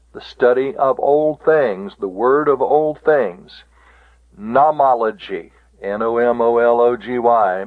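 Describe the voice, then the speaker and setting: A man teaching a Greek vocabulary lesson. He repeats each word slowly and stresses how it is pronounced. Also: mid-range voice. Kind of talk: classroom lecture on Greek vocabulary. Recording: tinny, phone-like lo-fi recording.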